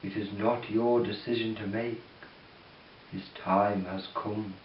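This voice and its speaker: A man voicing Death as a cold, grim cloaked figure, speaking low and slow. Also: fairly even intonation, a little hiss or hum. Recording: dull roomy recording from off-mic.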